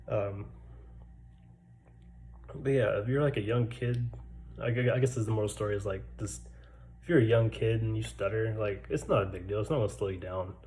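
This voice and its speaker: A man's voice: fairly low pitch, warm tone, a little hiss or hum, rough recording. A man in his twenties who stutters, telling his own story in a laid-back, casual way with lots of fillers, recorded in a barracks room. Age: 20s. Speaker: vlogger.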